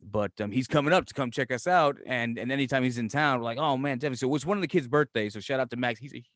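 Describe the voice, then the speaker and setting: A man's voice: mid-range voice, quick pace, dry recording. Middle-aged man, Brooklyn accent, podcast co-host, swearing, dry recording. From New York. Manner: animated, profane storyteller who acts out voices. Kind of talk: casual chat. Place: home in Florida.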